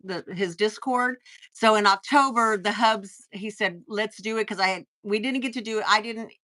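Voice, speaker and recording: A woman's voice: medium pitch, moderate pace, sharp tone. A woman with a Texan accent hosting a casual live-stream chat, talking in chatty bursts with frequent restarts and reading viewer comments aloud. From Texas. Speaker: host.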